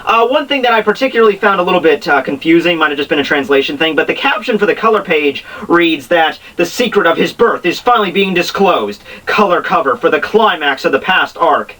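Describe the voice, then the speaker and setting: A young man rambling excitably as he reviews a manga chapter, full of restarts and asides. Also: fairly high pitch, brisk, few pauses, far from the mic, low-quality recording. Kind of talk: casual chapter review vlog.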